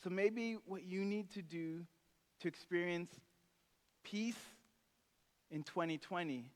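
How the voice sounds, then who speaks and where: Speaking slowly and pausing often, a male pastor delivers an easygoing, conversational sermon inside a church sanctuary. The big hall's echo rings on after every phrase, his pitch sits high, and he briefly takes on character voices while recounting a story.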